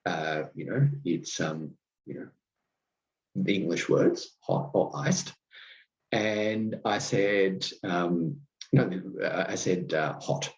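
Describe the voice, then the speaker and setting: A very low-voiced man hosts a reflective podcast monologue, telling wry, self-deprecating stories. He halts frequently with ums and restarts, and the recording sounds dull and slightly lo-fi.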